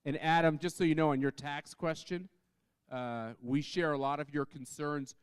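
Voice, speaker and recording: A man's voice: on the high side, fairly even intonation, normal speed, clean tone, dry recording. A man on a conference panel telling a story in a chatty way, full of fillers and restarts. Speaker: panel speaker.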